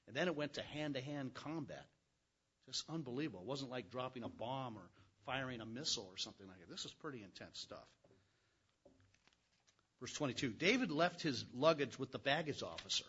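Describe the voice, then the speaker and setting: A man preaching a conversational sermon, reading scripture with folksy, animated asides. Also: mid-range voice, a little fast, lo-fi sound, a little hiss or hum. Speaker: pastor.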